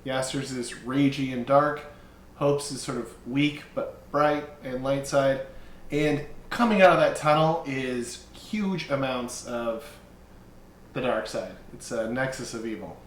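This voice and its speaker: A man running a tabletop game as game master, narrating and chatting in a relaxed way with quick, laughing asides. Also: medium pitch, a little hiss or hum. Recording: roomy sound with faint ambience.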